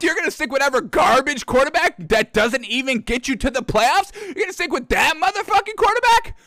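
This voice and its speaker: Guy doing a cocky cussing quarterback talking trash, high bright voice. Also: brisk, no room sound, studio quality. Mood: taunting. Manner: boastful, profane, taunting.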